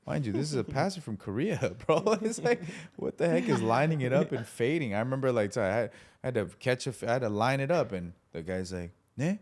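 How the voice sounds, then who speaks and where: A man's voice: medium pitch, a little fast, few pauses. A man in casual conversation about faith, telling stories with animation and acting out the voices of people in them. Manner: animated storyteller, acts out voices in anecdotes.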